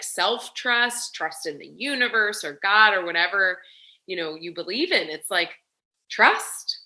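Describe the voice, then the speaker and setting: Bright-voiced woman guest, chatty. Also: lowish voice. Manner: chatty, restarts and fills with "like" and "you know". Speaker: guest business coach. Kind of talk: casual interview chat.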